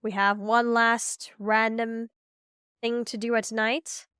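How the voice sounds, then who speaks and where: A woman's voice: a little high, flat delivery, slow pace, a bit bright, clear, resonant tone. A young adult woman chatting casually while she plays a game, rambling and saying "like" constantly. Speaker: streamer. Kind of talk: casual gameplay commentary. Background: faint game music.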